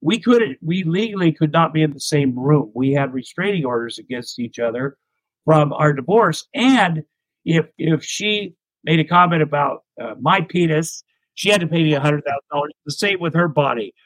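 A man's voice: on the high side, expressive, moderate pace, dry recording, poor audio. A middle-aged man from the United States, a comedian telling candid stories as an interview guest, rambling and self-deprecating. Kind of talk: candid anecdotal storytelling.

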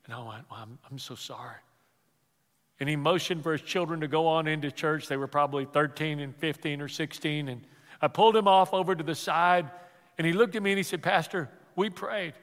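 Bright-voiced pastor preaching in a reverberant hall. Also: male voice, a little high, fairly quick. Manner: storytelling, repeats words, drops to a hush for quoted grief. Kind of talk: sermon.

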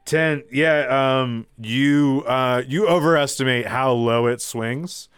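A man running a tabletop game as game master, his narration loose and full of fillers and chuckles. His voice is crisp and resonant, recorded dry and close. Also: medium pitch, slow pace, a bit bright, no room sound. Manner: rambling, many fillers, laughing asides.

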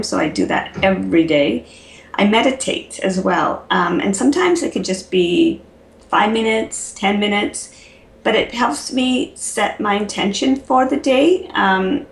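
A woman in her forties, a guest on an interview, speaking in a measured way with frequent ums. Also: medium pitch, gravelly. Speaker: guest, product creator. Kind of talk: casual interview chat. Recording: echoey room.

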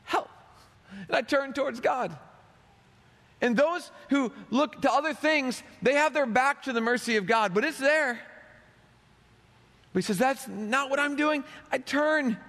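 A man preaches a sermon and lends his quotes a dramatic, acted-out flair. His voice sits high, and a long hall reverb trails each phrase. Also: measured pace, long pauses, a bit bright. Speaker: pastor.

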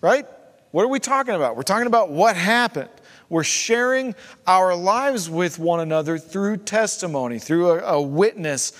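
Pastor preaching in a reverberant church. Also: male voice, sits high, animated, moderate pace, a bit bright. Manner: conversational preaching with rhetorical questions and asides. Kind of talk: sermon. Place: church sanctuary. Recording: long hall reverb.

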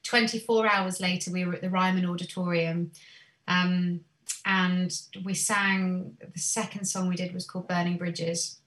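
A woman, a singer, telling stories from her career in a chatty, animated way with many "um"s. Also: fairly low pitch, a little slow, recorded from a distance. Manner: animated storyteller, many "um"s, laughs easily. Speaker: guest singer. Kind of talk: casual interview chat.

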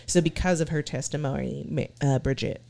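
A woman's voice: deep voice, brisk, vocal fry, warm tone. A woman from Texas co-hosting a podcast, casually and profanely recounting ghost-hunting clips. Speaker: podcast co-host. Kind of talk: casual chat.

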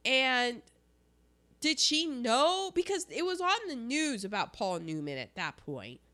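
A woman co-hosting a casual chat about a film, animated and jokey, acting out quotes as she talks. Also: on the high side, unhurried. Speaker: podcast co-host.

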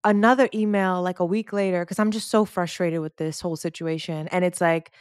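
A woman's voice: a little fast, clean tone, no echo. Podcast co-host, woman, 30s, chatty storyteller who acts out each person she quotes; dry, close mic. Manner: animated, quotes others in lowered voice, rises when exasperated. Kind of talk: casual storytelling chat.

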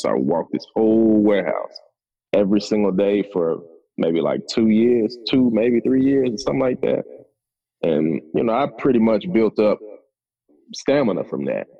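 A man's voice: low-pitched, lo-fi sound. A man, a podcast guest telling his story in a laid-back, conversational way. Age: 30s. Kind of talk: casual storytelling.

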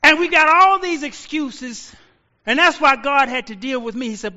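A man in his sixties preaching a sermon as a pastor, telling stories and shouting out quoted lines. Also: very high-pitched, moderate pace, big-room sound, muffled recording. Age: 60s.

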